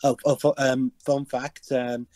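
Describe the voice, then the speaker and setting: A man's voice: medium pitch, flat delivery, a little slow, mellow, no room sound. A man co-hosting a casual movie commentary, playful and fond of mock-announcer flourishes. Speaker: podcast co-host.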